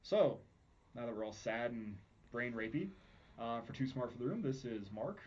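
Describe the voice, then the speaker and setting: A man's voice: medium pitch, moderate pace, a little mellow, slight background noise. A man hosting a podcast, chatting casually with crude jokes, in muffled lo-fi audio. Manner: crude, joking banter. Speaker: podcast host.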